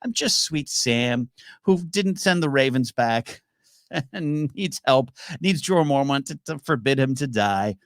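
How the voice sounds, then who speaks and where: A man's voice: medium pitch, expressive, unhurried, no echo, studio quality. A man voicing a sweet, naive young man who is shy and lovestruck. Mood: mocking sweetness. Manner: timid, lovestruck, self-pitying.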